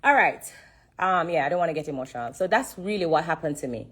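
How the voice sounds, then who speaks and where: A Jamaican woman speaks into her phone on a live stream, her voice low and husky. She is earnest and close to tears, repeating phrases again and again for emphasis as she gives her testimony. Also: expressive, quick pace, fairly bright tone. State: fighting back tears.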